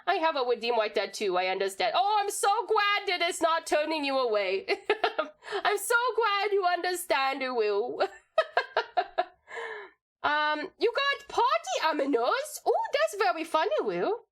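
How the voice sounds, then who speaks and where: A tiny baby tiger creature babbles in cutesy baby talk, voiced by a woman streamer. The voice sits high and squeaks, and it leaps up and down in pitch. The grammar breaks like a toddler's. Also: very animated, unhurried, fairly bright tone, heavily acted. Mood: playful. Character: baby version of her tiger-like creature persona.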